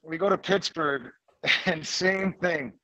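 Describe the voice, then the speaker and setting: A man, a former hockey player and guest, telling an animated anecdote in a lively, rambling way. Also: on the high side, slow, low-quality recording. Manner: lively, rambling, laughs mid-story.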